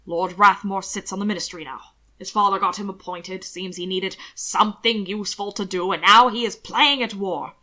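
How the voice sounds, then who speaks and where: A woman voicing a portly, fussy older male official who frets loudly, in an audiobook reading. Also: medium pitch, fairly even intonation, moderate pace, few pauses, close to an everyday voice. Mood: flustered. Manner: flustered, fretful, loud.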